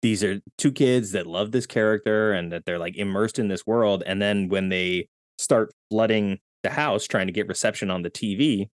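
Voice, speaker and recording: A man with a somewhat low voice talks animatedly about a film, retelling scenes and laughing often. The recording is dry and close, with no room sound. It is a relaxed, casual podcast chat. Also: normal speed, few pauses, no echo. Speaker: podcast guest.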